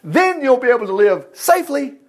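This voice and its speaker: Excitable high-voiced male Bible teacher. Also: brisk. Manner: excitable, reads scripture aloud with asides. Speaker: preacher.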